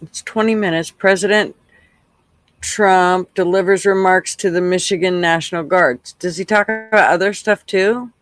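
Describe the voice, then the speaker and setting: A man's voice: high voice, fairly even intonation, moderate pace, fairly bright tone, dry recording. A man hosting a live stream, chatting casually with viewers and making wry, muttered asides. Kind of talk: casual reaction commentary.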